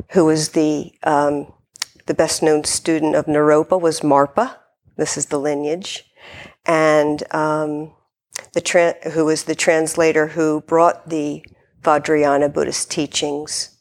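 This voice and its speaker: A woman Zen teacher giving a dharma talk in a reflective, gently hesitant way. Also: low voice, gravelly.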